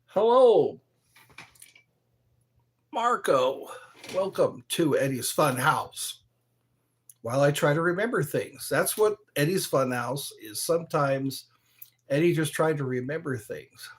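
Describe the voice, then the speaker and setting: A man hosting his own live stream, chatting slowly and aimlessly, greeting viewers by name and trying to recall old movies. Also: on the high side, expressive, a bit bright. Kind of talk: rambling live stream chat.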